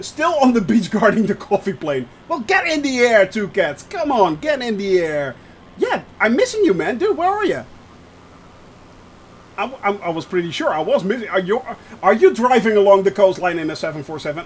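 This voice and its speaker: A man's voice: high voice, a little hiss or hum. A man, chatting live with viewers while streaming a flight sim, joking and laughing often as he reads the chat aloud.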